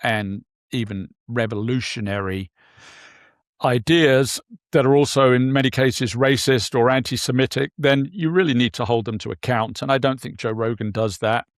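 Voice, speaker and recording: A man talks over politics in a halting way, full of ums and false starts. His voice sits at a middle pitch and is recorded close and dry, with no room sound. The tone is conversational and thoughtful. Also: no room sound. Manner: halting, many fillers and restarts. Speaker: podcast co-host. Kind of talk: casual political discussion.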